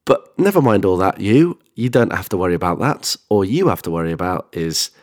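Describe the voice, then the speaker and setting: A man recording a rambling, silly introduction to a podcast episode, talking warmly to listeners. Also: deep voice, big pitch swings, fairly quick, dry recording, studio quality. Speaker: podcast host.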